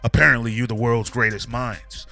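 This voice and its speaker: A man voicing a smug, cold male villain scientist who talks slowly and condescendingly. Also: medium pitch, little pitch movement, vocal fry, bright, forceful tone, faint music behind. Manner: slow, condescending.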